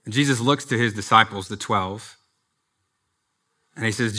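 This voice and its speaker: A man gives a sermon in a bright, clear-edged voice. He preaches earnestly but stays conversational, slipping in personal asides as a pastor. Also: lowish voice, normal speed.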